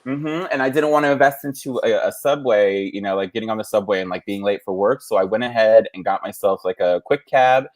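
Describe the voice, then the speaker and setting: His voice sits on the low side, and he talks a little fast with few pauses. He's a New York–area podcast host who tells stories in a relaxed, chatty style loaded with fillers.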